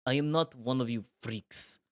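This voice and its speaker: A man's voice: mid-range voice, moderate pace, no room sound, clean studio sound, natural voice. A man reading a visual novel aloud and voicing a cold, suspicious middle-aged male eagle in curt, dismissive lines.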